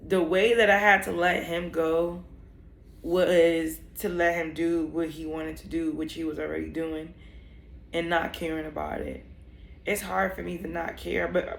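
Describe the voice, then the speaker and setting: A woman's voice: on the low side, vocal fry, reverberant, a little hiss or hum. A young woman telling a personal story in a vlog, candid and emotional, rambling with many fillers. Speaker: vlogger.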